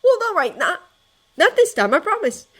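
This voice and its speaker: A woman reads out a young male winter spirit who coaxes and reassures in a raised, bright voice. He sounds urgent and a little nervous, and his pitch swings widely. The tone is sharp and forward. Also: very animated, moderate pace, full character voice. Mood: coaxing.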